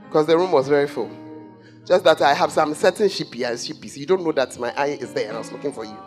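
A man's voice: fairly high pitch, fast talker, faint music behind. A man preaching a sermon as pastor, scolding the congregation with rhetorical questions. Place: church.

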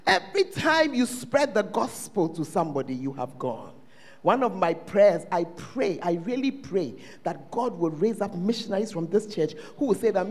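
Preaching at a church service, this Ghanaian English-accented pastor alternates between shouting and quiet asides. His voice sits high with big swings in pitch, and he keeps a moderate pace.

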